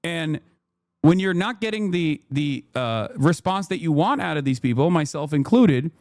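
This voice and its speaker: Man, thirties, livestream rant, fairly high pitch, dry sound. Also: lively intonation, normal speed, a little mellow, no room sound. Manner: heated, ranting, swears often. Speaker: streamer. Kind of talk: livestream commentary.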